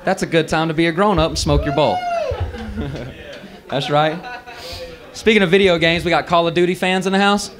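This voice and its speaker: Man, 30s, Southern accent, stand-up comic, slightly high voice, profane rambling delivery, stage mic. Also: moderate pace, pauses often, crowd noise. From American South. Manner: loose, profane storytelling with drawled asides. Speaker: stand-up comedian. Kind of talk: stand-up comedy set. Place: bar open mic stage.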